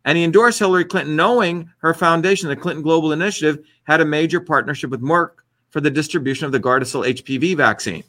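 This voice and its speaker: A man's voice: on the high side, fast, hardly any pauses, a bit bright. A man hosting an online livestream, delivering ranting political commentary in a combative, repetitive, emphatic way.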